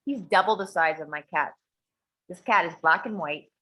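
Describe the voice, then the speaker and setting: Woman, casual profane storyteller, bright forceful voice, animated delivery. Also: on the low side, normal speed, low-quality recording. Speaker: guest sharing a personal story.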